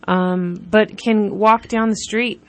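A woman's voice: mid-range voice, steady tone, takes it slowly. A woman from California, a nonprofit guest on a talk show, speaking earnestly and stacking up points for emphasis. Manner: earnest, builds emphasis when listing points. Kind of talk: radio talk interview.

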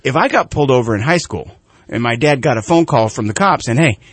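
Telling a casual story on his talk show, a middle-aged host brings it to life by acting out each person's voice. He speaks fast in a mid-range voice with a breathy edge, recorded without echo.

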